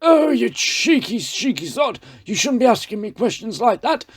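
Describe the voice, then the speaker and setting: Guy doing a husky flustered old admiral voice, stammers a lot, dead dry. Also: very high voice, very animated, moderate pace, no room sound, voice pushed up, full character voice. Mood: indignant. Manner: stammering, affronted.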